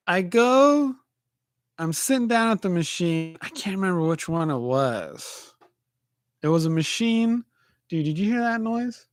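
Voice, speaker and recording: Man, 40s, podcast host, rambling casual storyteller, slightly high voice. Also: no room sound, studio quality. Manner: animated storytelling, says dude and man a lot.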